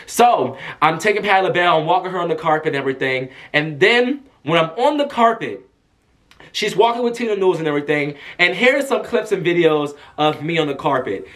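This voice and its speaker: A man telling an excited storytime vlog, animated, breaking into shouts as he talks. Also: fairly high pitch, fairly quick. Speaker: vlogger.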